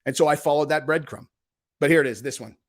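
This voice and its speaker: A man telling a story to camera in loose, profane vlog chat. His voice sits a touch high for a man, and he acts out what people said to him in quick back-and-forth. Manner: profane, animated, acts out quoted dialogue. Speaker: host. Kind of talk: casual storytelling.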